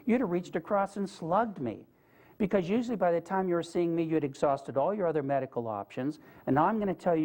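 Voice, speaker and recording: A man's voice: a little high, darkish tone. Earnest male speaker, conversational lecture storytelling, talks straight to the room. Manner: earnest, conversational, asks the audience questions. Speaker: guest speaker. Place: lecture room with a live audience.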